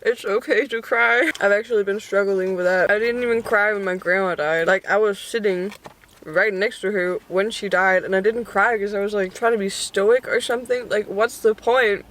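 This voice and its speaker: A woman's voice: mid-range voice, fairly even intonation, moderate pace, a bit bright. Candid, laughing young woman vlogger. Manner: candid and chatty, swearing and laughing often. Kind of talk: casual chat while eating and showing a haul.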